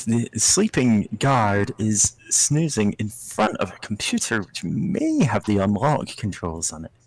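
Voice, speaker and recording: A man's voice: fairly low pitch, no echo, rough recording. A man narrating a tabletop role-playing game as game master, improvising with rambling, hesitant phrasing. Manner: rambling, hesitant, many fillers.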